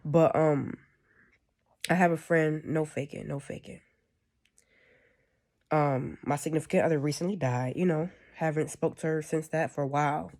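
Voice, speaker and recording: Woman with a gravelly voice. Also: low voice, steady tone, normal speed, long pauses, darkish tone. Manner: rambling, conversational, keeps asking "you know what I'm saying". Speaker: spiritual speaker. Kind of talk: casual spiritual monologue.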